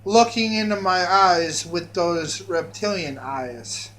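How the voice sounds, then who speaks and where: A man's voice: high voice, takes it slowly, fairly bright tone. A man telling a long rambling story in a monologue, often restarting and repeating his phrases.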